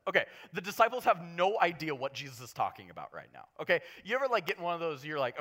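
Animated, jokey man preaching. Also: on the high side, fast. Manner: animated, jokey, swings from hushed to loud. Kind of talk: casual conversational sermon.

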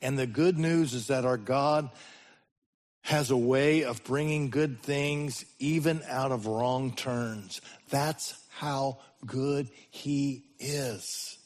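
A man preaching a sermon as the pastor, his voice swinging between sudden loud rises and slow, hushed drops. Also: mid-range voice.

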